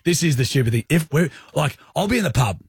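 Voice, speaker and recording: A man's voice: fairly high pitch, animated, fast, breathy edge, dry recording. A young man with an Australian accent, co-hosting a radio show in casual, rambling, self-deprecating banter from a studio. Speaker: radio co-host.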